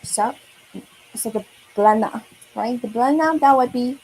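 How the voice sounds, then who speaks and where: A woman's voice: fairly high pitch, normal speed, pauses often, a little mellow, a little hiss or hum, poor audio. A woman teaching a lesson for kids, speaking patiently, repeating words and often checking with "okay?" and "right?". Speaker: Mandarin teacher. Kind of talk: online kids' language lesson.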